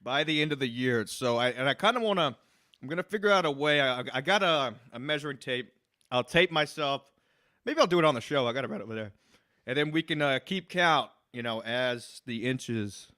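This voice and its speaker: A man's voice: mid-range voice, lively intonation, sharp tone, dry recording, clean studio sound. A man co-hosting a casual podcast, rambling and swearing as he tells stories. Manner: rambling, profane, quick laughs. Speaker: podcast co-host.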